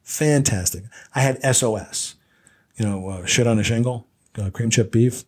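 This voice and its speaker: A man's voice: mid-range voice, normal speed, slightly rough. A man co-hosting a casual chat show, telling a long anecdote with restarts and laughs. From Pennsylvania. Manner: rambling, animated storyteller with restarts and laughs. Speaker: podcast co-host.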